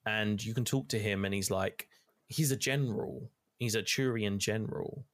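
A man's voice: lowish voice, normal speed, no echo. A young man casually recapping a video game, rambling with lots of fillers and casual swearing. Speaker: gamer recapping play. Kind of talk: casual chat.

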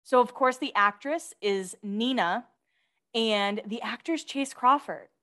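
A woman's voice: on the high side, takes it slowly, pushed and bright. A woman co-hosting a podcast, chatting casually and reading out celebrity gossip items with gushing asides. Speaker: podcast co-host.

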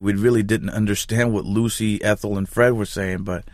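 A man born in Cuba tells stories in a casual interview, animated and vivid. His voice is on the low side, recorded close and dry. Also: normal speed, no echo. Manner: animated storyteller, mimics voices. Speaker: interviewee, rapper.

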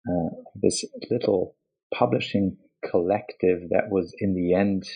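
Husky low-voiced author, thoughtful. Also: male voice, steady tone, measured pace, muffled recording. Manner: thoughtful, hesitant, restarts often. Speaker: author being interviewed. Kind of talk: academic interview.

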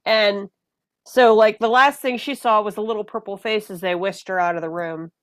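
A woman guest in a casual conversation, telling personal stories in an animated way and acting out the voices of the people in them. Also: medium pitch, moderate pace, dry recording. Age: adult mother of a young child. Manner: animated, acts out voices in her anecdotes. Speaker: podcast guest.

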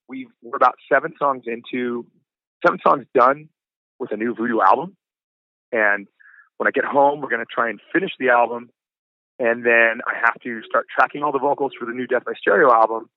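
A man's voice: medium pitch, no echo. Chill 40s guy, says dude a lot, sounds like a phone line, dry. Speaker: guest, punk band singer. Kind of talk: casual storytelling chat.

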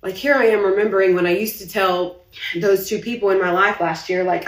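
On a late-night live video, a young woman business owner rambles confessionally while holding back tears, saying she feels anxious, her heart racing. Her mid-range voice is steady and a little fast. The audio has a roomy echo, and she sounds somewhat distant from the mic.

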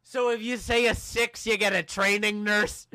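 A man with a high, bright voice tells a story on a podcast and slips into voices for the people in it. His delivery is animated and jokey. The sound is close and dry. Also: normal speed, clean tone, dry recording. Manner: animated, acts out quoted people with shouts and laughs. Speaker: podcast host. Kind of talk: casual storytelling chat.

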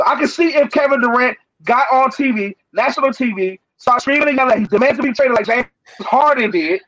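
High-voiced man arguing emphatically. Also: fairly bright tone, no room sound, lo-fi sound. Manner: emphatic, repeats himself, talks over others. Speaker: sports debater. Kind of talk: heated sports debate.

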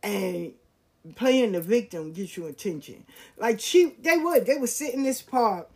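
A woman's voice: fairly high pitch, unhurried, husky. A woman telling a personal story in casual, slangy talk, acting out the voices of people she quotes. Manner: animated, acts out quoted voices, slangy and frank.

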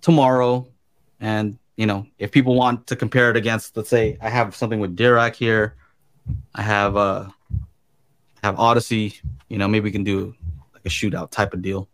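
A man co-hosting a podcast, explaining things in an easygoing, measured way over a video call. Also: on the low side, level tone, a bit bright. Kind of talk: casual chat.

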